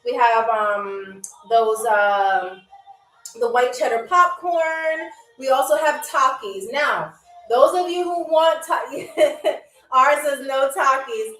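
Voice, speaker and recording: Chatty high-voiced woman hosting a live show. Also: slow, recorded from a distance. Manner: chatty, animated, addresses viewers as y'all. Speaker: host playing a flight attendant on a live game show. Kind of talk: playful live-stream role-play as stewardess. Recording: echoey room, off-mic, faint music.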